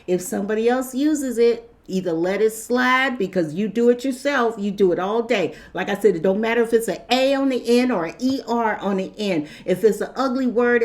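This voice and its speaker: Animated woman with a higher voice. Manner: animated, repeats herself, acts out quotes. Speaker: vlogger. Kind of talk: casual opinion monologue.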